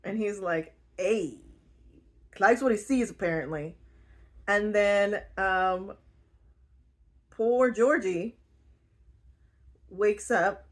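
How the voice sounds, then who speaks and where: A woman's voice: medium pitch, slow, long pauses. A woman retelling a book in a casual, rambling way, giggling often and using lots of fillers. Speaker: book reviewer.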